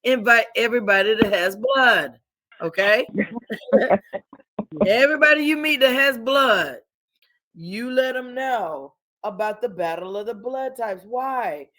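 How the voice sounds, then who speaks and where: A woman's voice: fairly high pitch, animated, slow pace, fairly bright tone, no room sound. A woman hosting a casual talk show, upbeat and urging, laughing often. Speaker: host.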